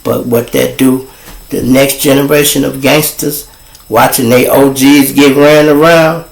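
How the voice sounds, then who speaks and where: A man, hosting his show and telling street stories in a casual, animated way. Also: medium pitch, unhurried, gravelly, roomy sound, poor audio. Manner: animated, rising to excited shouts when telling a chase story. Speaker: host.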